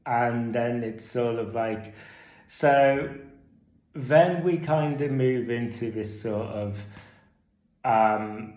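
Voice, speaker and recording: A man's voice: mid-range voice, drawn-out words, long pauses, a little mellow. A man giving a casual spoken film review, rambling with lots of fillers and restarts, and turning exasperated and sarcastic. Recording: echoey room.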